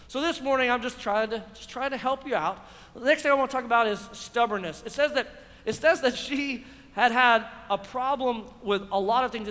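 High, bright-voiced preacher man. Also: long reverb tail. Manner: preaching with rhetorical questions to a congregation. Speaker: pastor. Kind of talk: sermon. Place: church.

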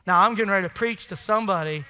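A man's voice: sits high, very fast, bright, forceful tone, clean tone, long reverb tail. A man preaching a sermon to his congregation, emphatic and conversational, asking the room questions. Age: adult with children. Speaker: pastor. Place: church sanctuary.

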